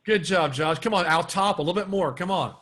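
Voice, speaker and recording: A man's voice: high-pitched, fairly quick, a bit bright. A man leading a live online sales training, coaching and urging participants on over a video call.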